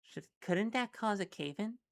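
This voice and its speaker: A woman's voice: mid-range voice, lively intonation, normal speed, vocal fry. A woman reading as a queasy, hesitant patient. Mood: uneasy. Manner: hesitant, plainspoken. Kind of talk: reading a webcomic aloud with voices.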